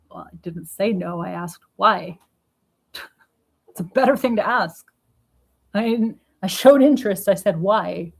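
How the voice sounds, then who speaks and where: A woman's voice: mid-range voice, unhurried, creaky, pauses often, husky. A woman recording a casual diary vlog at home, talking bluntly and with swearing as she retells a chat and vents about it. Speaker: vlogger. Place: at home indoors.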